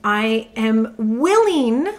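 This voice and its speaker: A woman's voice: a little high, sing-song, drawn-out words. A woman co-hosting a podcast, chatting casually and agreeably, stressing her points by repeating words. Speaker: podcast co-host.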